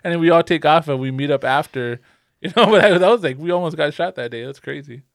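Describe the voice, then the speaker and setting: A man's voice: a little high, fast talker, creaky, dry recording, studio quality. A young man telling a rambling, profane story in casual podcast chat, laughing often. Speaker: podcast co-host.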